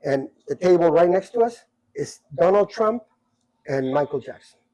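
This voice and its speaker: A middle-aged man telling stories from his life in a casual chat, animated and repeating himself as he acts out what people said. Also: a little high, normal speed, rough recording. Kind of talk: casual storytelling.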